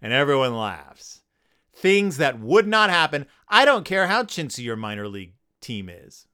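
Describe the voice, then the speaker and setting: A man's voice: medium pitch, big pitch swings, normal speed, bright, forceful tone, smooth. A man hosting a comedic podcast, reviewing a children's book with sarcasm and goofy character voices. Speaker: podcast host.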